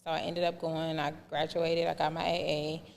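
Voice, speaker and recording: A woman's voice: low voice, moderate pace, vocal fry, in a large hall. A woman in her thirties telling her life story on a podcast, acting out the voices of people she quotes. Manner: animated storyteller who acts out quoted dialogue. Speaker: podcast guest.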